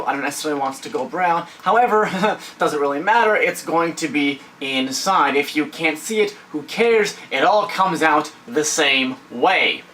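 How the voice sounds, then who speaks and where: A man hosting a casual home cooking demo, rambling and cracking goofy jokes. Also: fairly high pitch. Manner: rambling, goofy, joke-telling. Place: home kitchen. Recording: voice from a distance, faint kitchen noise.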